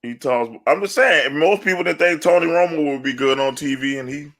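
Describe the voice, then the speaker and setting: Male sports podcast co-host with a bright edge, loud and laughing, swears freely in rants. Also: on the high side, a little fast. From New Orleans area. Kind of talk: casual sports chat.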